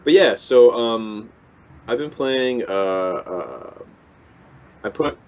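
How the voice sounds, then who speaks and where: A man's voice: medium pitch, lively intonation, slow, a little hiss or hum. Hesitant young man, midrange voice. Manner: hesitant, full of ums and restarts. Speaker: podcast co-host. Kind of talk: casual chat. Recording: dull lo-fi podcast recording.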